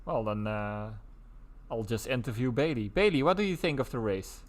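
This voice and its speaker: A man's voice: mid-range voice, moderate pace. Casual male race commentator. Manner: casual, chatty, breaks into laughs. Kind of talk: live sim-racing commentary.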